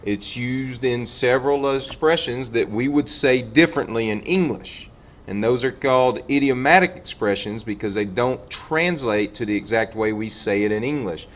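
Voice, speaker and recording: A man teaching a Spanish lesson, patiently walking through examples and slowing down for each sample sentence. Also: medium pitch. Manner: patient, repeats "okay" and slows down for example sentences. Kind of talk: classroom lesson explaining on a board.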